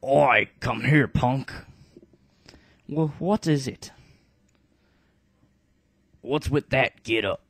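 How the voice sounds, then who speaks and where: A man voicing a dim-witted, brawny male fighter who talks in a loud, blunt, pushy way. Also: medium pitch, lively intonation, slow pace, pauses often, no room sound, voice pushed up. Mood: gruff.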